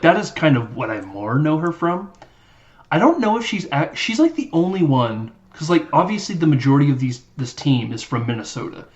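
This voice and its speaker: A man's voice: mid-range voice, highs cut off. Man rambling through a film recap. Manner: rambling, animated, acts out movie lines in silly voices. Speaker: podcast host. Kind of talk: casual film recap chat.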